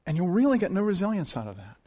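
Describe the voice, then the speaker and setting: A man preaching a sermon in a folksy, animated way, swinging between loud emphasis and hushed intensity. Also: high voice, rapid-fire, slightly rough. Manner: folksy, uses plain down-home examples. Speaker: pastor.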